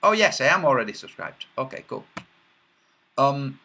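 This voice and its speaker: A man's voice: mid-range voice, sing-song, normal speed, gravelly, pushed and bright, slight background noise. A man hosting a casual livestream, reading chat messages aloud in a rambling, mocking way with many filler sounds.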